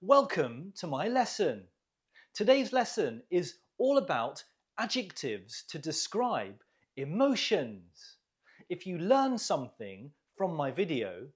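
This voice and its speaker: A man teaching an English vocabulary lesson, explaining words clearly and asking learners questions to repeat. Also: sits high. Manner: clear, lively teaching delivery with rising questions.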